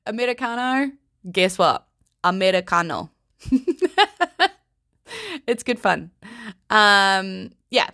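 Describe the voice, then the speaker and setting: A woman giving a casual vocabulary lesson in a playful, giggly, unhurried way. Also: medium pitch, sharp tone, clean tone, dry recording, studio quality. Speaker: language teacher.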